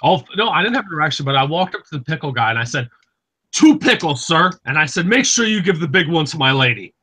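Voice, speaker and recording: A man's voice: a little high, sing-song, rapid-fire, sharp tone, low-quality recording. A man casually telling rambling, profane stories on an online group call, acting out the dialogue. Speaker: host.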